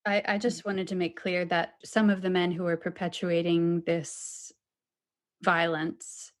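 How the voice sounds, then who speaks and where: Lower-voiced woman co-hosting thoughtfully. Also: flat delivery, unhurried. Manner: thoughtful, clarifying questions. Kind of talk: conversational interview.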